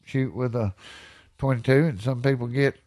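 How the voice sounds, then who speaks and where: A middle-aged man with a drawl tells old hunting stories with plenty of energy. His voice sits at an ordinary pitch, and he talks loosely, dropping cuss words as he goes. It is relaxed, unscripted podcast chat. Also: moderate pace. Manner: energetic storyteller who swears freely. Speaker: podcast guest. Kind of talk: casual storytelling chat.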